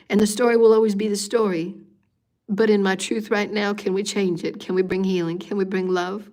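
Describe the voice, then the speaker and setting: A woman's voice: medium pitch, level tone, brisk, darkish tone. Woman giving an emotional spiritual talk. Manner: intense, repetitive, pleading, drops to whispers. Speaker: spiritual meditation host. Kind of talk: emotional spiritual talk during a live meditation.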